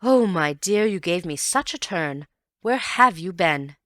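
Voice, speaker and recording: A nervous, quavering older woman fussing in a storybook reading, as a woman puts her on. She sits a little above the reader's low voice, louder and more urgent, with a dry, close sound. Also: expressive, a little slow, no room sound. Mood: fretful. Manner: quavering, easily alarmed. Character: fretful older woman, a housekeeping aunt.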